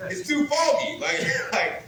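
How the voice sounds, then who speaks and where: A man performing a stand-up comedy set, talking in a brash, crude and animated way and building rhythmic lists. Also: very high-pitched, slow, slight background noise. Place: comedy club with a live audience. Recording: roomy club with crowd laughter.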